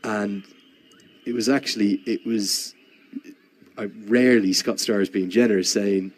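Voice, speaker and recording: Low-voiced male cricket commentator. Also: steady tone, a little slow. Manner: rambling storyteller with frequent restarts. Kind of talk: live commentary mixed with a chatty anecdote.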